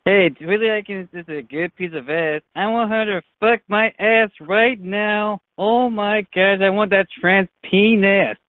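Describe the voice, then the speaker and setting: A man's voice: high voice, steady tone, a little slow, hardly any pauses, dry recording. A man calling in to a radio show, making crude remarks and asking puzzled questions. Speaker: caller. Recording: dry tinny phone line.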